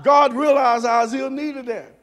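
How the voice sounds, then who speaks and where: A pastor preaching a sermon, dropping to soft low murmurs and rising to shouted emphasis. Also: male voice, steady tone, unhurried, long reverb tail. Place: church sanctuary.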